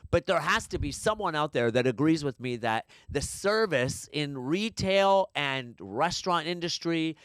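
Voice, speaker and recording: A man's voice: fairly high pitch, lively intonation, unhurried, hardly any pauses, fairly bright tone, clean tone, no room sound. A man co-hosting a podcast, ranting in a casual, exasperated way and swearing now and then. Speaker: podcast co-host. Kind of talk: casual rant. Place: New York City.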